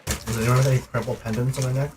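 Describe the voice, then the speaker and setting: A man's voice: mid-range voice, flat delivery, rapid-fire. A man playing a character in a tabletop game, playful and rambling. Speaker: player. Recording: noisy room.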